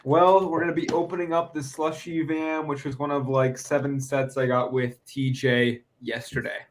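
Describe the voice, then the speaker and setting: Mid-pitched easygoing man on a livestream. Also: flat delivery, moderate pace. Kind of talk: casual chat.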